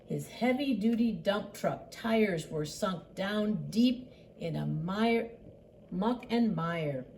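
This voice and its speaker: Older woman, grandma, picture book read-aloud, sing-song, mellow voice, slow. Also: medium pitch, animated, a little hiss or hum. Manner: slow and sing-song, voicing animal sounds.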